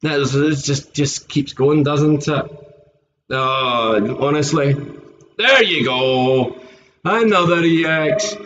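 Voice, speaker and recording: A man's voice: a little high, slow pace, fairly bright tone, slight background noise. A Scottish man chatting casually and joking on a live stream, often laughing, with a dull lo-fi sound. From Scotland. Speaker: streamer opening trading card packs.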